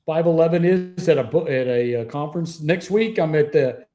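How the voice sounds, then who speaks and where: Middle-aged man, slightly high and mellow, salty storyteller on a remote interview. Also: lively intonation, moderate pace. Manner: salty, profane anecdote-telling. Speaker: guest author, retired police officer.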